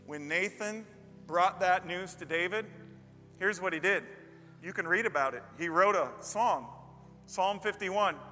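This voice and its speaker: A male pastor preaching a sermon in a church, telling stories emphatically and building to loud peaks. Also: high voice, unhurried. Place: church with a live band. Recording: long reverb of a large hall. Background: faint band music.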